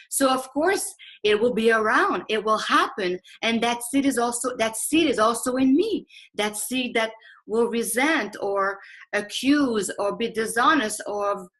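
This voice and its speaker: A woman's voice: on the high side, a bit bright, rough recording. Earnest woman talking about honesty. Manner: earnest, emphatic, acts out her own inner thoughts. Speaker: speaker in a conversation. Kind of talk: reflective conversational talk.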